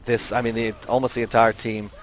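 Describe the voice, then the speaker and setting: Male esports caster, play-by-play, tired but excitable, faint hiss behind. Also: brisk. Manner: excitable, rising pitch in big plays. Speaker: esports commentator.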